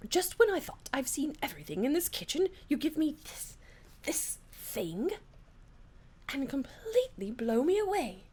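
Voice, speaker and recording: A woman's voice: on the high side, sing-song, fairly quick. A woman voicing an old male dog who is a master chef teacher, speaking in a grand, pompous way. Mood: delighted.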